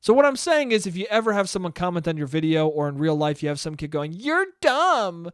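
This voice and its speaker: A man's voice: fairly high pitch, quick pace, clear, resonant tone, dry recording, clean studio sound. A man in his twenties hosting a casual solo podcast, rambling and self-deprecating, swearing freely. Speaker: podcast host.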